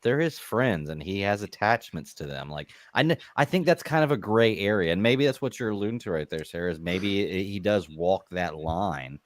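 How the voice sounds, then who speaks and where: A man's voice: low voice, lively intonation, normal speed, hardly any pauses, dry recording. A man co-hosting a podcast, chatty and putting questions to his co-hosts. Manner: chatty, poses questions to the others. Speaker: podcast co-host. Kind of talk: casual chat.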